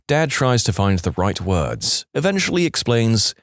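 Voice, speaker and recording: A man telling jokes in a very lively, swooping voice, jumping in and out of the characters. The sound is dry and close to the mic. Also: mid-range voice, a little slow, hardly any pauses, no room sound. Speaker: joke storyteller. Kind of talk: reading jokes aloud.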